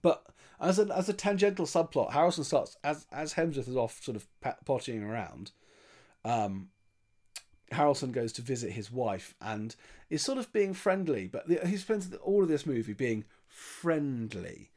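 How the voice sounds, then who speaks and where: A man talking casually on a podcast, recapping a film scene by scene. He rambles and restarts often and drops into quick voiced lines for the characters. His voice sits at an ordinary middle pitch. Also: expressive, a little mellow. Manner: chatty, rambling, with frequent restarts and voiced quotes. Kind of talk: casual chat retelling a film plot.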